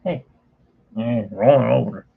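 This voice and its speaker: A man's voice: medium pitch, moderate pace, creaky, phone-quality sound, background noise. A man chatting casually during a home art livestream, rambling and talking fondly to his cat. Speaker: artist streaming a painting session. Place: home studio.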